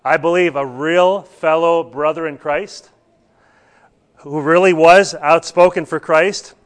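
A man teaching a church Bible class, talking earnestly and putting questions to his students. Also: fairly high pitch.

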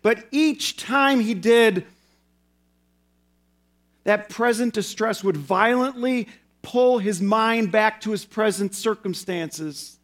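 A male pastor preaching a sermon in an earnest way, slowing down and repeating phrases for emphasis. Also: high voice.

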